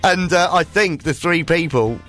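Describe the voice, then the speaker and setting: A man's voice: fairly high pitch, measured pace, sharp tone. Joking male radio host, faint music. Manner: jokey, laughing, banter with co-host. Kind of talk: casual chat.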